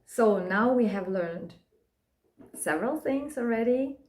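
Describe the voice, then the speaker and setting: Slow, deliberate woman teacher. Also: on the high side, lively intonation, darkish tone. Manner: repeats words slowly for learners. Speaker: language teacher. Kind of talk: slow, deliberate language lesson.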